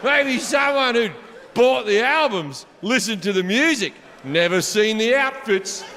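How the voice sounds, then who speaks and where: A man with an Australian accent doing stand-up, telling a crude story and jumping into shouted punchlines. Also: very high-pitched, lively intonation, measured pace, background noise. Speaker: stand-up comedian. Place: large concert venue on stage. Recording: live hall reverb with faint crowd ambience.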